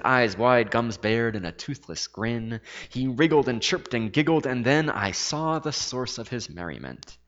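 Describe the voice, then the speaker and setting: A man reading a first-person story aloud, expressive and dramatic with soft hushed asides, in a dull lo-fi recording with a long reverb. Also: lowish voice.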